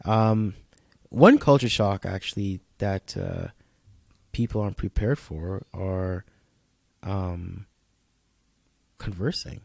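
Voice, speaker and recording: A young man co-hosting a casual podcast chat, telling stories in a laid-back way and acting out what people said. His voice sits low and sounds dry and close to the mic. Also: sing-song, takes it slowly, vocal fry, long pauses, dry recording. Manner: laid-back storyteller, acts out quotes. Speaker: podcast co-host.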